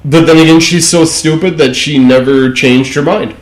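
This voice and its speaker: Casting: mocking, foul-mouthed male podcast co-host, slightly high voice, echoey room. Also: fairly even intonation, normal speed. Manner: profane, mocking, does brief impressions. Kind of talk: casual political chat.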